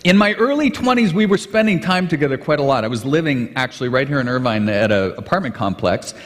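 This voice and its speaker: A man, a pastor, telling a story in a sermon in an animated, conversational way, heard in a large hall with long reverb. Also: medium pitch, fast.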